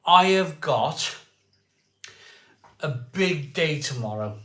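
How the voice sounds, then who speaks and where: A man in his forties chats to his live-stream viewers, slow and unhurried, joking as he reads their comments. His voice is bright and a little high for a man, and the room around him rings with echo. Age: 40s. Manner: jokey, reads viewer comments aloud and laughs a lot. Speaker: host of a live beer-tasting stream. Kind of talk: casual live-stream chat. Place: at home, indoors.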